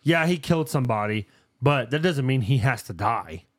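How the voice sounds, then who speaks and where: A man's voice: medium pitch, expressive, normal speed, dry recording, clean studio sound. A man hosting a casual podcast, telling stories with lots of swearing and laughter. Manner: profane, storytelling, laughs often. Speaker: podcast host.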